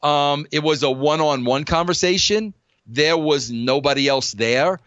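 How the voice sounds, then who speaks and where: A man's voice: a little high, a little slow, clean tone, no echo, muffled recording. An older man hosting a podcast, talking bluntly and with energy, with "bro" in almost every thought. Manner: blunt, animated, says "bro" often. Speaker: podcast host. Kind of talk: casual podcast talk.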